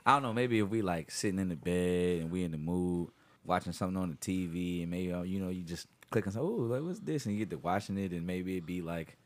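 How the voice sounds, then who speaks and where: A man's voice: low voice, fast. A young man joking and laughing through a casual podcast chat.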